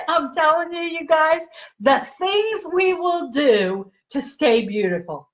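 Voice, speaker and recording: A woman with a high voice walks viewers slowly through a beauty demo on a live stream. She chats, giggles and keeps checking in with her audience, and the audio sounds dull and lo-fi. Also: lively intonation. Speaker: livestream host demonstrating skincare patches. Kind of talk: casual live product demo.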